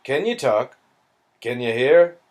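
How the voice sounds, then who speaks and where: A man's voice: medium pitch, expressive, slow, a little mellow. A man reading aloud and voicing an earnest, fatherly British soldier with an English accent. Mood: alarmed.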